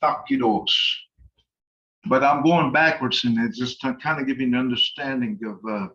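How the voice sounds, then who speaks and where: Unhurried man teaching a language lesson. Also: medium pitch, fairly bright tone, far from the mic, dull audio. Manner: slow and halting, many uhs.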